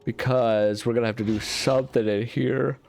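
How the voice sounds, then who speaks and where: A man's voice: medium pitch, fairly even intonation, normal speed, creaky, darkish tone, soft background music. A man hosting a casual let's-play, rambling and joking at his own expense while sleepy and yawning. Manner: rambling, jokey and self-mocking. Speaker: gaming video host.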